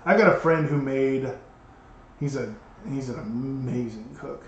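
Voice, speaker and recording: A man's voice: medium pitch, unhurried, a little hiss or hum. A man in his thirties co-hosting a podcast, chatting casually and telling rambling stories with lots of restarts. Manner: rambling, animated storytelling with many restarts. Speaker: podcast co-host. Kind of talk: casual chat. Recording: echoey room, dull lo-fi sound.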